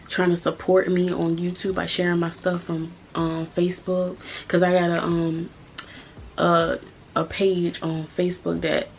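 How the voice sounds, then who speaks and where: A young woman in her twenties with a low, flat, gravelly voice tells a story straight to her camera. She talks bluntly and swears freely, hammering her points home in a casual vlog style. A faint hiss sits under her voice. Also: poor audio. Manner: blunt, profane, emphatic storytelling. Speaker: vlogger.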